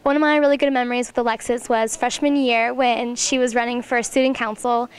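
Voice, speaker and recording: A woman's voice: on the high side, flat delivery, a little fast, clear, resonant tone. A teenage girl fluently recalling a friend's school ambitions for a memorial. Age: teens. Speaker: classmate sharing a memory. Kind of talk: memorial tribute.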